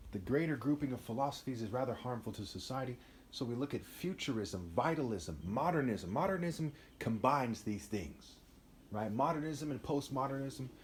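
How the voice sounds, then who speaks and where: A man's voice: medium pitch, a little mellow, slight background noise. A man giving a rambling, emphatic unscripted monologue, often tossing in "right?" asides.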